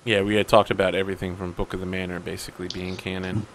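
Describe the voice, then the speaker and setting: A man running a tabletop game as game master, talking casually and jokingly in a fairly low voice. Faint background noise sits under his voice. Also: level tone, fairly bright tone. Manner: casual, quick, joking narration.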